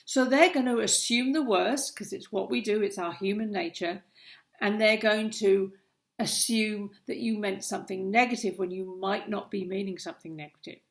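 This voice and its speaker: A woman's voice: mid-range voice, normal speed. A middle-aged woman, a coach, giving earnest, emphatic advice straight to the viewer in a vlog. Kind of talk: direct-to-camera advice vlog.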